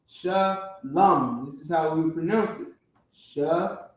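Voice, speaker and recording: A man's voice: fairly high pitch, a little slow, a little mellow. A man teaching a class in a classroom, often stopping to check that his listeners follow. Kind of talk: classroom lecture. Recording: very echoey room, distant from the mic.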